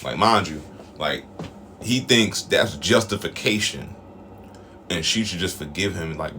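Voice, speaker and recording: A man's voice: low voice, a little slow, long pauses, pushed and bright, slight background noise. A man giving casual opinion commentary on a show, blunt, emphatic and full of profanity.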